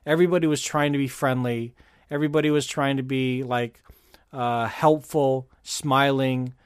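A man's voice: mid-range voice, fairly even intonation, moderate pace, smooth, dry recording, clean studio sound. A man from California chatting casually on a podcast, rambling with fillers and restarts. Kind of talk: casual chat.

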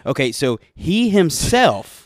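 A man's voice: fairly high pitch, very animated, slow, no echo. Indignant man in casual chat, dry sound. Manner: emphatic, indignant, swears often.

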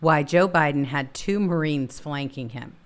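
A woman's voice: sits low, measured pace. A woman hosting a political talk show, making indignant exclamations and commentary.

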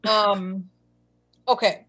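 A woman's voice: medium pitch, fairly even intonation, extremely slow, a bit bright. Woman, podcast co-host, casual chat, enthusiastic, repeats words. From southeastern Wisconsin.

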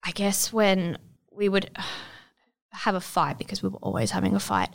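A young woman in her twenties, giving a reflective, halting personal testimony in an interview. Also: medium pitch, gravelly. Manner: reflective, halting, many fillers.

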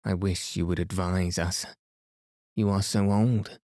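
A man voicing a gentle, polite young girl in a bedtime storybook reading, speaking earnestly and kindly. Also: sits low, fairly even intonation, measured pace, no echo, clean studio sound.

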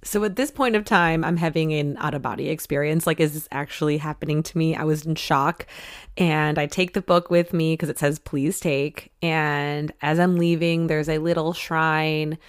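A woman's voice: low voice, fairly even intonation, moderate pace, dry recording, studio quality. A woman hosting a podcast, telling a personal story in a chatty, emotional way with lots of "like" and "you know.". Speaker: podcast host. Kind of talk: casual storytelling.

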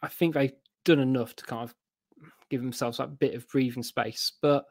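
A man guesting on a casual podcast, talking things through in a rambling, hedging way. His voice sits at an ordinary middle pitch. The sound is dry and close. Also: steady tone, moderate pace, no room sound. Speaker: guest football fan.

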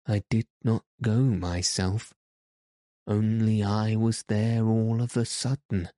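A man's voice: lowish voice, steady tone, slow, dark tone, dry recording, clean studio sound. A man reading as a homesick little girl. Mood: homesick, plaintive. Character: small frightened orphan girl, homesick.

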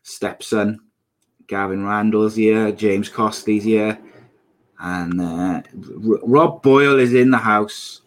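A man's voice: on the low side, fairly even intonation, slow pace. A young man hosting a casual live podcast, upbeat and chatty as he reads out viewer comments. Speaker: podcast host.

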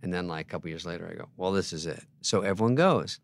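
A man's voice: low-pitched, fast, gravelly. Sarcastic man telling a story. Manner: sarcastic, deadpan, acts out other people's lines in bursts. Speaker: guest comedian. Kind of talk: casual storytelling chat.

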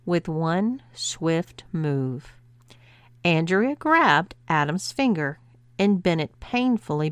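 Slow, low-voiced woman narrating. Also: fairly bright tone, clear, resonant tone, dry recording. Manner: slow, measured reading. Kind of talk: adult audiobook narration.

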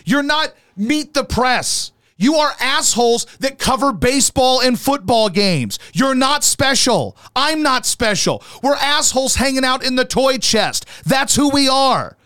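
A man's voice: very high-pitched, expressive, measured pace, few pauses, clear, resonant tone, no room sound, clean studio sound. A man hosting a sports talk show, ranting angrily and swearing nonstop. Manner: angry, shouting, swearing nonstop. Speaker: sports radio host. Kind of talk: profane sports talk rant.

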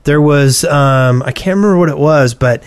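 Man, podcast chat, halting, lots of ums, dry close sound. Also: on the high side, clear, resonant tone, dry recording. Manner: rambling, hesitant with many ums. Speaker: podcast co-host. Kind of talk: casual chat.

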